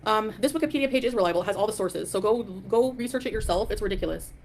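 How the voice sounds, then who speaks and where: A woman hosts a live stream at a fast clip, her mid-range voice carrying over slight background noise. She greets viewers in chat and rants in a defiant, dismissive, casual way.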